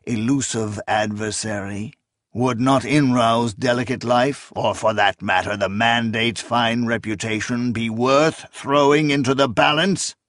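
A man's voice: mid-range voice, steady tone, unhurried, fairly bright tone, dry recording, studio quality, lightly acted. A man voicing a cold, bitter old male sorcerer who snaps and sneers scornfully. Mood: mocking. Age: older.

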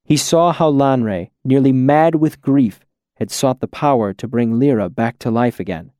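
Male audiobook narrator, unhurried and even, mid-pitched, dry studio sound. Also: no echo, highs cut off. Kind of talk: scripted fantasy narration.

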